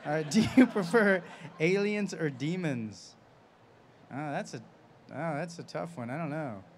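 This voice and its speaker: Fielding questions from a convention audience, a male voice actor tells stories in a chatty manner, laughing frequently during the live panel. His voice runs on the high side and a little slow, with a faint hiss or hum in the audio.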